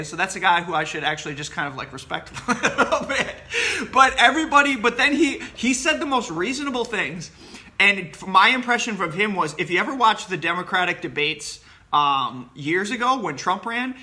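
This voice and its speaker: A man talks to his class in loose, casual commentary, blunt and opinionated, circling back with fillers and false starts. His voice sits high for a man and has a very sharp, cutting edge. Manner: rambling, many fillers and restarts; blunt, opinionated, laughs at his own jokes. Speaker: professor.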